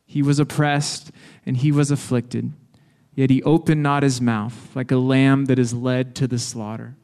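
A man leading a responsive scripture reading in church with a measured, steady manner. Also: mid-range voice. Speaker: worship leader.

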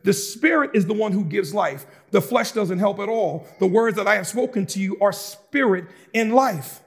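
High-voiced preacher man, fervent and loud. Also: animated, moderate pace, vocal fry, slightly rough. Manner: shouts and preaches with rising intensity, conversational asides. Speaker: pastor. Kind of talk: sermon.

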